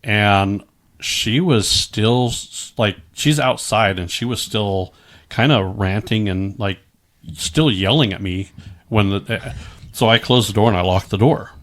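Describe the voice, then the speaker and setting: A man's voice: lowish voice, measured pace, fairly bright tone. A man recounting a personal story as a podcast guest in a casual way, often restarting his sentences. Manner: recounts events with frequent restarts and quoted exchanges.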